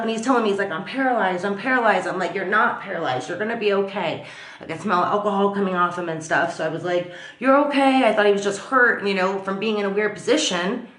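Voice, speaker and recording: A woman vlogger telling a story in a chatty, animated way, full of fillers. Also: medium pitch, echoey room. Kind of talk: casual storytelling to camera. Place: at home.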